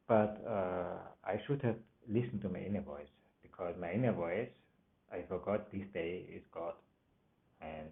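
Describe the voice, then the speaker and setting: Man, low gravelly voice, halting emotional storytelling, tinny lo-fi phone sound. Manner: halting, emotional, many restarts and broken grammar. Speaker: vlogger. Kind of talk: personal storytelling monologue.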